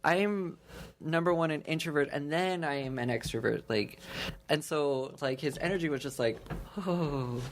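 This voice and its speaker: A man's voice: fairly high pitch, moderate pace, a little hiss or hum. A man chatting casually as a podcast guest, telling a story in loose, rambling phrases and laughing often between them. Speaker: podcast guest, young adult ministry leader.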